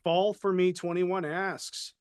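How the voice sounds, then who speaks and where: A man's voice: sits high, little pitch movement, takes it slowly, smooth, no echo, clean studio sound. A man co-hosting a casual podcast, chatting easily and reading out viewer questions. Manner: conversational, reads out viewer questions. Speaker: co-host, paranormal consultant.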